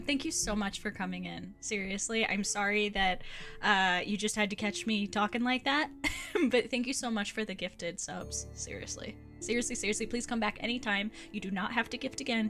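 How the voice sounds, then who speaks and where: A woman's voice: medium pitch, fairly even intonation, brisk, a bit bright, faint music behind. A woman from Ohio, streaming a game and chatting casually with her viewers, giggling often and swearing casually. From Ohio, USA. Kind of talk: casual live-stream chat while gaming.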